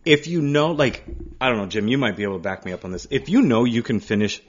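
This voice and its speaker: A man's voice: mid-range voice, expressive, fast talker. A man co-hosting a casual podcast, swearing, laughing and ranting about things that gross him out. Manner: crude, laughing, squeamish rants. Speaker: podcast co-host. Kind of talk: casual chat. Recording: dull lo-fi sound.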